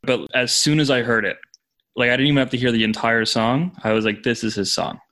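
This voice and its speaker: A man's voice: mid-range voice, steady tone, fairly quick, sharp tone. A man interviewing a guest in casual conversation, mostly giving short replies. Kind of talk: casual chat.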